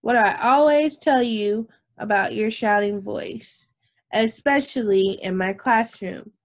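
A woman music teacher, talking young children through a recorded lesson and checking in with them often. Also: mid-range voice. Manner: slow, patient, repeats herself and checks with "okay?"; demonstrates whispering and shouting voices.

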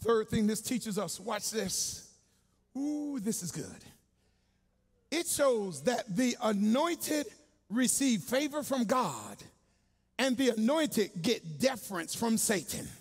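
A male pastor preaching a sermon in a church, colloquial and call-and-response, swinging from hushed asides to shouting. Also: sits high, animated, takes it slowly, slightly rough.

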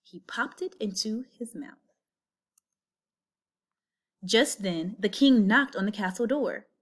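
A woman reading a children's picture book aloud, with an expressive story-telling lilt. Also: mid-range voice, takes it slowly. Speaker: storybook reader.

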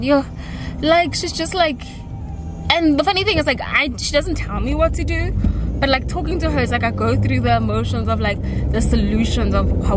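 A young woman in her twenties from South Africa, rambling emotionally in a casual vlog while walking home outdoors on a city street, phone held at arm's length. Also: a little high. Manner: chatty and emotional, rambling with many fillers. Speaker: vlogger. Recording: loud street traffic noise. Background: loud passing traffic.

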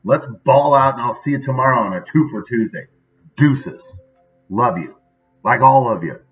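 Male vlogger, conversational, keeps checking in with "right?"; muffled low-fi audio. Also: normal speed, soft background music. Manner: chatty, says "right?" often. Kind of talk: casual daily video monologue.

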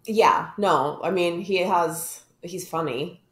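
A woman co-hosting a casual podcast, blunt and quick to laugh, swearing freely. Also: fairly low pitch, echoey room. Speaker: podcast co-host. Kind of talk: casual chat.

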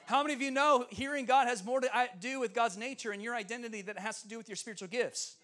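A young man preaching from a church stage, his voice high and bright. He tells stories with bursts of laughter and plays the voices of the people in them. Both delivery and tone stay animated throughout. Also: quick pace. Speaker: guest preacher. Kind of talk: sermon storytelling. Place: church sanctuary.

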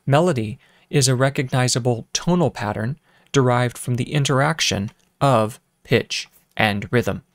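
Speaking a bit slowly at a medium pitch, a male music teacher works through a relaxed lesson with keyboard demonstrations, full of fillers and false starts. He hums and counts out rhythms while piano sounds in the background, captured in studio quality with no room sound.

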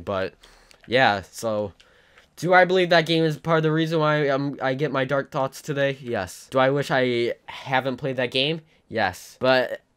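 A man's voice: medium pitch, fairly bright tone, smooth. A teenage boy telling a rambling, self-mocking story in a casual vlog. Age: teens. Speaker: YouTuber.

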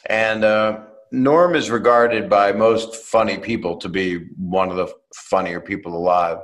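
A comedian with a fairly low voice tells a story in a relaxed, easy way. He quotes the other people in it with relish. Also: a little slow, poor audio. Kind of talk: anecdote on a podcast.

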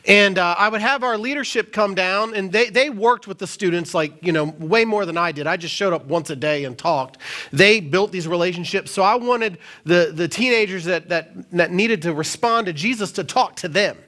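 A male pastor preaching a sermon in a live church service, telling a story in a conversational, animated way with casual fillers. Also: high voice, normal speed.

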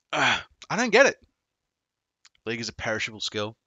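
A man's voice: medium pitch, moderate pace, gravelly, breathy edge, no echo. A man coaching video games on a live stream, chatting casually, swearing and joking with viewers. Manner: profane, joking, excitable.

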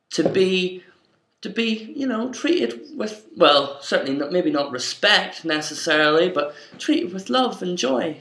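In an echoey room, a young man from Ireland, a comedy vlogger, rants to camera in a mock-stern, bossy comic style. His voice is high and a bit bright.

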